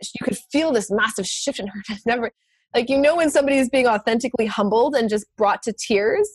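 Animated woman, higher voice, laughing often. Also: fairly quick, slightly rough, no room sound. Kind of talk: casual storytelling.

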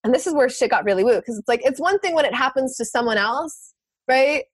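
A woman telling a personal story in casual conversation, animated, laughing often and swearing casually. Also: sits high, a little fast, a little hiss or hum.

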